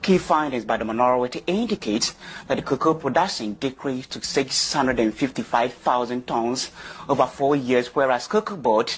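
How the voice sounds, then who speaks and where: Husky Ghanaian male newsreader. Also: medium pitch, normal speed. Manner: steady, formal delivery. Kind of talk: news reading.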